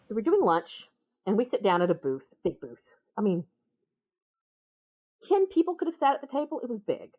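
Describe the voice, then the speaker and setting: A woman with a Minnesota accent, a podcast guest telling travel stories in a casual, animated way. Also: medium pitch, moderate pace, long pauses. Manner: animated, acts out voices in her anecdotes. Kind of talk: casual storytelling conversation.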